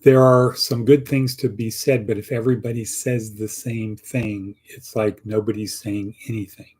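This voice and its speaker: A middle-aged man leads a casual class in a low, husky, mellow voice. He coaches by acting out sample answers and repeats key lines for emphasis. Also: flat delivery, moderate pace. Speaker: teacher of a career class. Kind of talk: casual online lesson.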